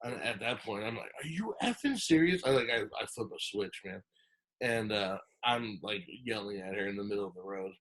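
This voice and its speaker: His voice sits on the low side at a moderate pace as he rambles casually through a long story on a podcast. Fillers and restarts pile up, and he acts out the lines he quotes with animation.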